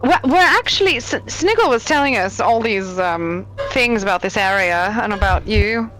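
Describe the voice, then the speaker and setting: A woman playing a tabletop game, chatty and quick to laugh. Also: medium pitch, lively intonation, fairly bright tone, faint music behind, low-quality recording. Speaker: player. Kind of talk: casual tabletop play.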